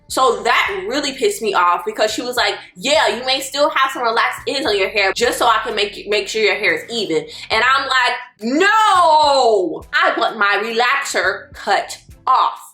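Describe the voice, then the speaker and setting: Bright-voiced woman in her twenties telling a story. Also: fairly high pitch, moderate pace, few pauses, reverberant, faint music behind. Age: 20s. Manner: animated, exasperated storytelling. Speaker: vlogger. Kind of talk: storytelling vlog.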